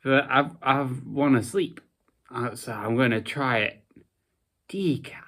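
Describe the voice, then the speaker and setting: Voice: mid-range voice, slow, fairly bright tone. A sleep-deprived young adult vlogger talking in a casual, rambling way, mumbling at times and then perking up in sudden bursts.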